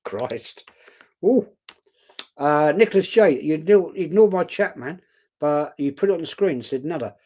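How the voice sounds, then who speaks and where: A man with a slightly high, animated, mellow voice talks at a normal speed on a live stream. He reads out viewer comments and answers them bluntly, chatting casually. He's outspoken and calls his viewers "mate."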